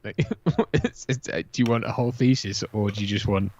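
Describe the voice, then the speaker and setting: A man's voice: on the low side, fairly quick, a little mellow. A man co-hosting a watch-party stream in casual, rambling chat, often restarting his sentences. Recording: dull lo-fi stream audio.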